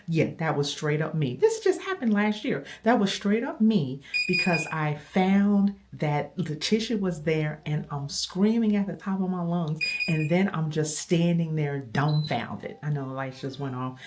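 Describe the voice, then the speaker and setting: A middle-aged woman with a notably low, deep voice talks straight to her viewers. She tells her story in an animated, rambling way and often stops to fix her own details. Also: a little hiss or hum. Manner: animated, rambling storyteller who self-corrects. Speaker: vlogger.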